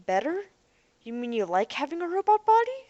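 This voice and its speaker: A woman voicing a young woman who talks calmly and coaxingly to keep someone talking. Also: fairly high pitch, normal speed, dull audio. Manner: soothing, coaxing. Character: young woman, calm and persuasive.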